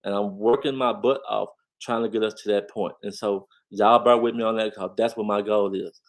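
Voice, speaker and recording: Emphatic man talking straight to viewers. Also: moderate pace. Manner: emphatic, repeats phrases, addresses viewers directly; lively swings in pitch and loudness when stressing a point. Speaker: commentary channel host. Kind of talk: casual commentary on online drama.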